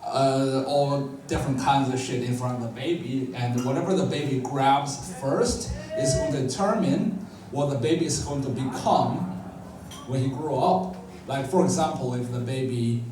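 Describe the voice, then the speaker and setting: A man doing a stand-up comedy set, telling a story in a lively, animated way and jumping high in pitch when he quotes himself. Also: a little slow, noisy background. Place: comedy club stage. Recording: echoey club, far-off mic, crowd laughing. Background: audience laughter.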